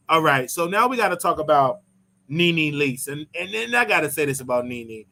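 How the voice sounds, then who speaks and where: A man's voice: fairly high pitch, animated, normal speed, vocal fry, sharp tone. A man hosting his own commentary show, ranting in a sarcastic, provocative way. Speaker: host.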